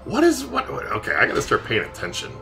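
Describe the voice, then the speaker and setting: A man's voice: medium pitch, wildly swooping pitch, fast, creaky, music in the background. A man streaming a game and chatting casually, teasing and joking with his viewers. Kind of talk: casual livestream commentary.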